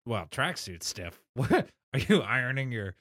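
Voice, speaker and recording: A man's voice: medium pitch, very animated, normal speed, fairly bright tone, slightly rough. A man co-hosting a comedy podcast, chatting casually and rambling, prone to fits of giggling. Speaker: podcast co-host.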